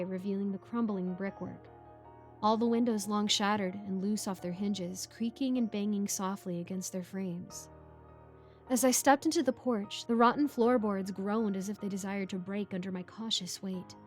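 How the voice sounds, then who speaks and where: A woman's voice: medium pitch, moderate pace. Woman narrating a horror story. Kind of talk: scripted first-person horror narration. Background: background music.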